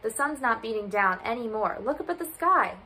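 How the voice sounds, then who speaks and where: Worried storybook hen, bright and high, insistent, played by a woman. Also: expressive, fairly quick, a little hiss or hum, low-quality recording. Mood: urgent. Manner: anxious, insistent warnings. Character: worried, urgent female hen.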